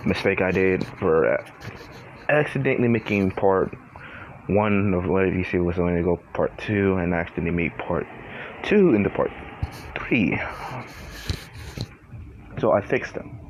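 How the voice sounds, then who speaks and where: A man's voice: sits low, unhurried, pauses often, a little hiss or hum. A young man hosting a casual vlog from a garage, swearing, sighing often and struggling through a bout of hiccups. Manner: sighs often, swears, frustrated and rambling. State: has the hiccups. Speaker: channel host. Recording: dull lo-fi sound with faint ambience.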